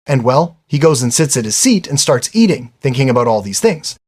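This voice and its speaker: A man's voice: mid-range voice, very animated, fairly quick. A man giving a casual, chatty recap of an anime episode, often throwing in "man" and "I mean".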